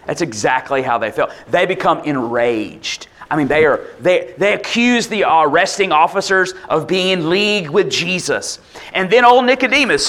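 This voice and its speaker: A man preaches in an easy, conversational way, keeping his explanations casual. His voice sits a touch high for a man, and he slips into quoted voices as he tells the story. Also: pushed and bright. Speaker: pastor. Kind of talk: sermon.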